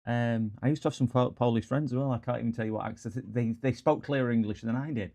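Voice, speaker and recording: A man's voice: medium pitch, steady tone, fast talker, gravelly, dark tone. A man with a broad Scottish accent chatting casually on a live stream while repairing computers, greeting viewers and rambling through stories. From Scotland.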